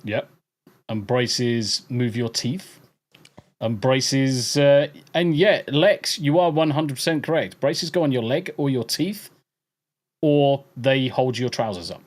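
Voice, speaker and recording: A man's voice: medium pitch, slow pace. An English man hosting a podcast, bantering with chat and swearing freely. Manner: profane, laughing banter. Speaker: podcast host reading chat. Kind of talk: casual chat.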